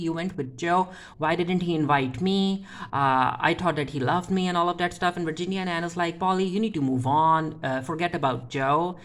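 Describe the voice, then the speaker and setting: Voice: medium pitch, a bit bright. A TV show reviewer giving a casual spoken episode recap, retelling scenes by loosely paraphrasing the characters' lines, with frequent restarts and filler words.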